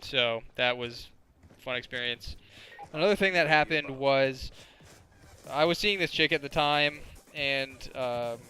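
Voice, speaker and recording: Bright-voiced young man rambling over gameplay. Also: mid-range voice, measured pace. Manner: rambling, crude, full of filler words. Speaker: gaming commentator. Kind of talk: casual gameplay commentary storytelling.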